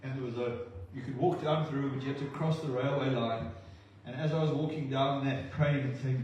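A man preaching a sermon, impassioned and at times halting and emotional. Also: medium pitch, steady tone, a little mellow. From not from New Zealand. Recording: echoey hall, distant mic, dull sound.

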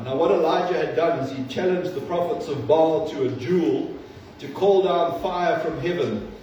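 A man's voice: on the high side, normal speed, dark tone, slight background noise. A man preaching an earnest sermon, retelling scripture in a storytelling way with frequent restarts. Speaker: pastor. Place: church hall. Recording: echoey hall, distant mic, slightly dull.

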